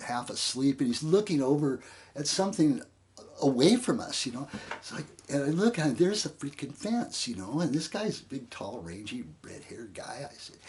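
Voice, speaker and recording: An older man from Canada tells a long story from memory, drifting from point to point and throwing in "you know" all the time. He acts out what people said in quick bits of dialogue, and his voice sits at an ordinary middle pitch. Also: very animated, darkish tone, a little hiss or hum. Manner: rambling, full of "you know" and voiced quotes. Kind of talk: casual spoken memoir.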